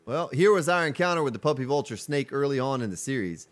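A male streamer with a deep voice talks casually over his gameplay, reading chat messages and greeting viewers. His pitch rises and falls freely as he chats, animated and conversational. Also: quick pace. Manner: chatty, reads chat aloud, greets viewers. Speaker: game streamer. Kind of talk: casual live-stream commentary.

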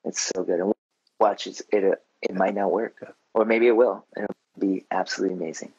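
Male host, deep and husky, easygoing storyteller, close dry mic with a muffled, lo-fi tone. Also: brisk, no echo. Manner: relaxed storytelling with many fillers. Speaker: podcast host. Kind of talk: casual interview chat.

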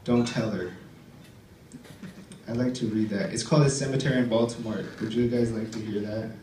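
A man's voice: fairly low pitch, steady tone, a little fast, mellow. A man doing rambling stand-up stories and spoken-word poems at an open mic, full of loose "like"s and "uh"s. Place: club stage before a live audience. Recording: roomy live room, distant mic, faint background noise.

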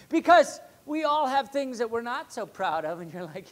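A pastor delivering a sermon in an easy, conversational way, often turning to the congregation with rhetorical questions. His voice rises for emphasis and drops low for quieter, more pointed remarks. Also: big pitch swings, moderate pace, hardly any pauses.

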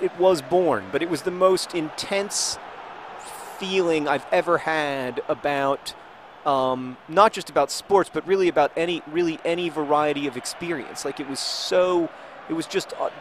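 A man casually commenting while playing a video game, rambling and restarting sentences, with sudden excited outbursts. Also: a little high, a little hiss or hum. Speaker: video host.

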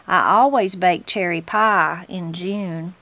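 A woman's voice: lowish voice, takes it slowly, sharp tone, no room sound, exaggerated voice. A woman voicing a spry, hospitable old mountain granny in a storybook reading.

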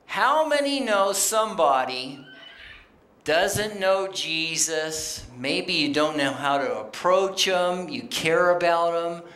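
An unhurried preacher with a swooping, expressive delivery, speaking plainly and reading out scripture between friendly asides to the congregation. The voice rings through a roomy church sanctuary. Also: mid-range voice, slight background noise. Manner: animated, plainspoken, quoting scripture and addressing the congregation. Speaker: guest speaker on missions. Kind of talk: conversational sermon.

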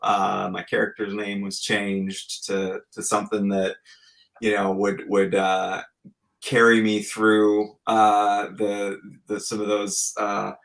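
Podcast guest, man in his forties, low gravelly voice, earnest and reflective. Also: completely flat delivery, slow, a bit bright, poor audio. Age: 40s. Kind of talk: casual podcast chat.

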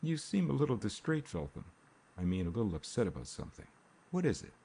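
A man voicing a suave, languid wealthy gentleman in an audiobook, with a smooth, drawling manner. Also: fairly low pitch, big pitch swings, fast talker, exaggerated voice. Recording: faint rain ambience behind.

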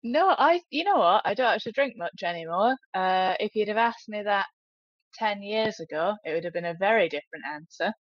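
A woman's voice: medium pitch, expressive, fairly quick, no echo. A woman co-hosting a comedy podcast, laughing easily and playing along with the jokes. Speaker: podcast co-host. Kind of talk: casual comedic podcast chat. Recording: dull, dry sound.

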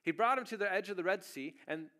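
A male pastor preaching a sermon in a church, telling the story casually and then breaking into sudden loud bursts. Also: sits high, animated, fast talker. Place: church sanctuary.

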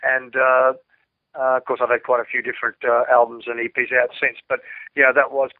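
A man's voice: medium pitch, monotone, fairly quick, dry recording. A man in his sixties with an Australian accent, a rock singer giving an interview, talking in a laid-back, rambling way with many fillers and restarts. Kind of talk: casual interview chat. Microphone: telephone. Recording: dry tinny phone line.

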